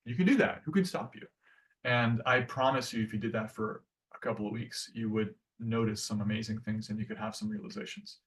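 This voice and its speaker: A man's voice: on the low side, fairly even intonation, fairly quick, fairly bright tone, far from the mic. A man giving a casual devotional class, talking earnestly and conversationally with many restarts.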